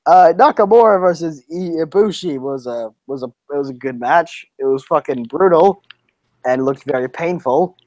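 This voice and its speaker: A man's voice: on the high side, expressive, moderate pace, a little mellow, dry recording. A young man co-hosting a casual podcast, laughing often and swearing freely as he reviews wrestling matches. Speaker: podcast co-host. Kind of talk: casual chat.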